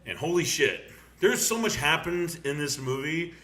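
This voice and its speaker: Excitable swearing young man, bright voice. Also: fairly high pitch, normal speed. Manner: excitable, swears a lot, laughs often. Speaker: podcast host. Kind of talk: casual movie review chat.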